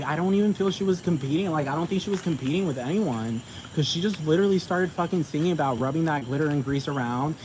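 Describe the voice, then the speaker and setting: Brief: emphatic, profane male ranter, higher-pitched voice, noisy recording with traffic behind. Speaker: commentator. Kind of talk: ranting monologue. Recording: noisy with vehicle sounds behind.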